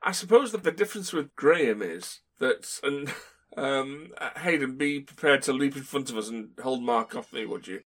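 A man co-hosting a podcast, talking in a dry, wry, opinionated way. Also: mid-range voice. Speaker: podcast co-host. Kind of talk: casual podcast discussion.

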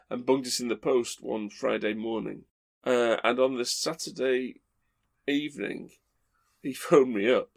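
Male podcast host, gravelly texture, meandering and wry. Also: medium pitch. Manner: rambling, fond storytelling with playful asides. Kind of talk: casual chat.

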